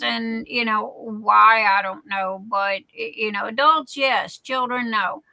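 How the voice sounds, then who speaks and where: A woman's voice: fairly high pitch, steady tone, takes it slowly, few pauses, bright, forceful tone, dry recording, rough recording. A woman, telling a story in a rambling way on her livestream and often checking in with "okay?". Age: 60s. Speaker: livestream host.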